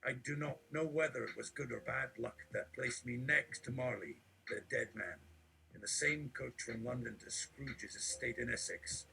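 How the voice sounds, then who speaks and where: Gravelly deadpan man reading aloud. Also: medium pitch, moderate pace, a little hiss or hum, low-quality recording. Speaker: streamer reading absurd generated text.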